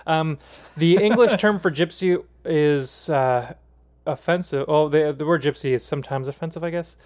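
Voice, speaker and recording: A man's voice: a little high, normal speed, darkish tone. A young man with a slightly raised voice co-hosts a casual podcast. He rambles through his thoughts, trailing off with ums and restarting sentences as he goes. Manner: rambling, hesitant, many ums. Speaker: podcast co-host. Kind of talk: casual chat.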